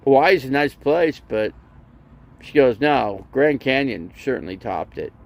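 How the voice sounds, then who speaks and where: With a mid-range, animated voice and some vocal fry, this RV vlogger takes his time. His long livestream story wanders, restarts often, leans on "you know," and acts out both sides of an exchange.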